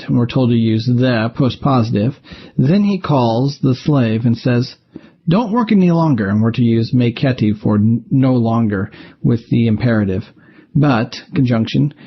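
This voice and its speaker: A man's voice: mid-range voice, husky, lo-fi sound. A man teaching a recorded language lesson, walking methodically through exercises step by step. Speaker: Greek teacher.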